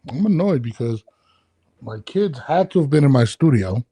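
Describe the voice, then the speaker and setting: A man's voice: mid-range voice, lively intonation, moderate pace, dark tone, breathy edge, no room sound. Profane, ranting podcast host man. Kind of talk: casual podcast chat. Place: home studio. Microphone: studio headphones and mic.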